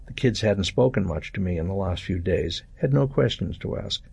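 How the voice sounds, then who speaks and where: An older man narrates a story in a calm, measured way. His voice sits very low, gravelly and deeply husky. The recording is close and dry. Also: no echo. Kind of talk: reading a first-person short story aloud.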